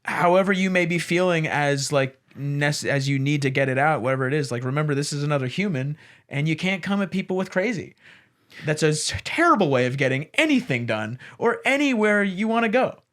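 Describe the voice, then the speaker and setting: A man's voice: a little high, expressive, fairly quick, a bit bright. A young man co-hosting a podcast, giving rambling, frank advice in casual chat and swearing freely. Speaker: podcast co-host.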